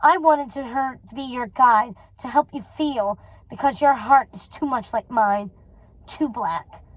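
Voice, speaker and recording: A woman's voice: on the high side, unhurried, dry recording, rough recording. A woman voicing a cold, possessive old witch mother who speaks with icy scorn, reading a storybook aloud. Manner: icy and scornful, then doting.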